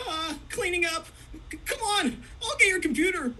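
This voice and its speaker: A performer voicing a nervous, flustered young male student in a comedy table read, with a squeaky stammering cartoon-teen delivery. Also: lively intonation, moderate pace, sharp tone, slight background noise, exaggerated voice.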